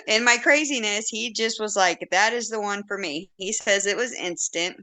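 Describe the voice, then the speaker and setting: A woman's voice: medium pitch, moderate pace, sharp tone. A woman in her forties, a podcast guest telling a story in casual chat, blunt and candid, acting out quotes and laughing often.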